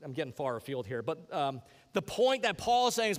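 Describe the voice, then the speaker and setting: High-voiced man preaching in a reverberant hall. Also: sing-song, a little fast, few pauses. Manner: earnest, conversational preaching with rising emphasis. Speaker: pastor. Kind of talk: sermon.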